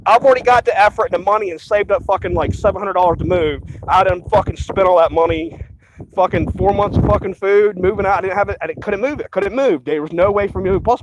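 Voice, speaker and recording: A man's voice: high voice, background noise. A man vlogging in an agitated, rambling rant full of profanity and repetition. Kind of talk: rambling ranting monologue.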